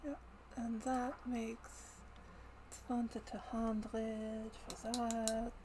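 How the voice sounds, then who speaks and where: A woman's voice: on the high side, very slow. A woman hosting a writing sprint livestream, chatting casually and rambling as she thinks aloud to herself. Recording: steady background noise.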